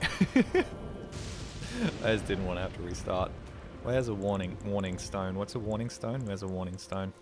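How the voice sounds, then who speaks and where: A man's voice: sits low, expressive, moderate pace, pauses often. A man streaming a video game, rambling casually to his chat and swearing freely. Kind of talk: casual gameplay commentary.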